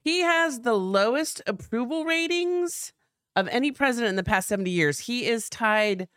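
Chatty woman podcast co-host, smooth voice. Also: a little high, expressive, normal speed, fairly bright tone, no room sound, studio quality. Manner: chatty, reads news aloud, many fillers. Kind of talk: casual chat.

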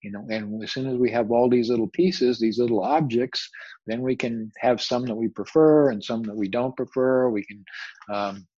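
A man teaching a spiritual lecture in a husky, mid-pitched voice, reflective and often circling back over his words. The sound is dry, with no room echo. The recording is slightly dull and lo-fi. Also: fairly even intonation, normal speed, dark tone. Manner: reflective, searching for words, repeats phrases.

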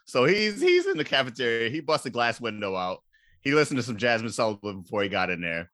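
On a comedy podcast, a man breezily recaps a movie at a quick clip, animated and laughing, now and then bursting into sudden high-pitched outbursts.

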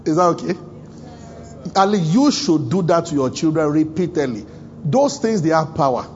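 Male African pastor, high-ish voice, humorous sermon delivery, muffled lo-fi church recording. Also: lively intonation, normal speed, darkish tone, a little hiss or hum. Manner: humorous, chuckling often, acts out quoted dialogue. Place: church service.

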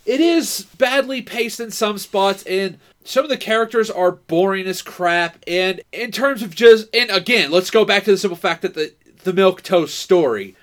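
A man co-hosting a podcast, chatting casually about a movie, animated and rambling, with frequent swearing. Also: high voice, normal speed, hardly any pauses. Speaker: podcast co-host.

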